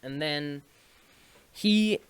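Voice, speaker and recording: A man's voice: fairly high pitch, drawn-out words, a little hiss or hum. A young man telling a casual story to camera, rambling with restarts and small laughs. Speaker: streamer and video maker.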